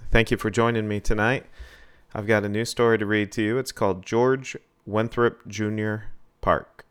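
Man with a low, smooth reading voice. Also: steady tone, normal speed. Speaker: storyteller host. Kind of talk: story reading.

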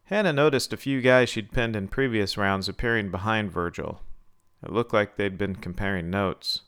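A man narrating a story in a steady, even reading. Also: lowish voice, normal speed, clean tone.

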